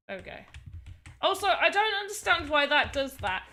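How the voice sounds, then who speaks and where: A woman's voice: high-pitched, big pitch swings, moderate pace, bright, forceful tone. A woman streaming as she builds a game, thinking aloud and exclaiming at what happens on screen. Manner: thinks aloud while testing her game. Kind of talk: casual live-stream chat.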